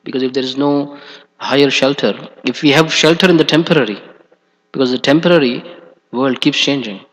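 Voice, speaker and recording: A man's voice: mid-range voice, a little fast, a bit bright. A man giving a scripture class in a temple hall, talking hesitantly with many fillers. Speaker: class speaker. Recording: dull echoey hall recording.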